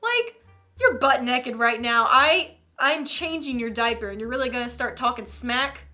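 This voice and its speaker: A woman's voice: a little high, normal speed, faint music behind. A young woman hosting a casual video, reading stories aloud and joking about them with frequent laughs. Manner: animated, joking, laughs often. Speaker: channel host.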